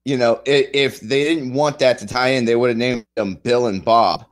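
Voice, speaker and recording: A man co-hosting a podcast, chatting casually about a TV show in halting sentences. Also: medium pitch, steady tone. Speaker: podcast co-host.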